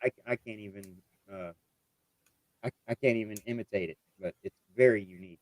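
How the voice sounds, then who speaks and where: A man's voice: fairly low pitch, a little fast, darkish tone, dry recording. An American man with a Californian accent, speaking hesitantly with many fillers as a guest on a video call. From United States. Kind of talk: casual video-call chat.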